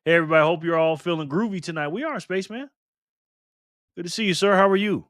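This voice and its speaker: A man's voice: sits high, quick pace, fairly bright tone, dry recording, clean studio sound. A man hosting a casual live stream, cheerfully greeting viewers by name and chatting as he spins a prize wheel.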